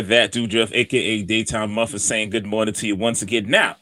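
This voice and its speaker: A man's voice: fairly low pitch, steady tone, brisk, no echo. Hype-voiced man calling the weather. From Atlanta. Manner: loud hype delivery, calls everyone man. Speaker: co-host doing the weather. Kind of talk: casual morning show banter.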